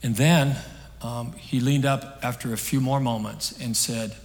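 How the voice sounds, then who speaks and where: A male preacher delivering a sermon from a stage, his voice sitting at an ordinary middle pitch. He talks in an earnest, conversational way, pressing hard on key points and then dropping almost to a hush. His words trail off into the long reverb of a large hall. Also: steady tone, a little slow. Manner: earnest, conversational storytelling, swinging between emphatic and hushed.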